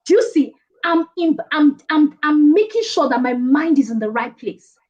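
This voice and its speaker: Lively high-voiced woman coach. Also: moderate pace, dull audio. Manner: lively, playful, laughs often. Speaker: guest speaker, presentation coach. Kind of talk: casual online interview.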